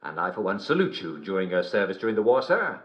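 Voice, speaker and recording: A cheery television host with a theatrical, wildly animated delivery, his pitch leaping all over the place. He sits a little low, and the broadcast sound is slightly dull and lo-fi. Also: fast talker. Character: relentlessly cheery male TV host. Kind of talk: scripted broadcast patter and storytelling.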